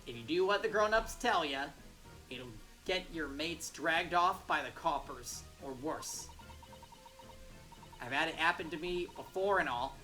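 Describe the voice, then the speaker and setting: A woman voicing a defiant, distrustful street-urchin girl pickpocket in a game, with a gruff mock Texas drawl and clipped slang. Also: low-pitched, lively intonation, a little slow, bright, forceful tone, faint music behind, heavily acted, rough recording.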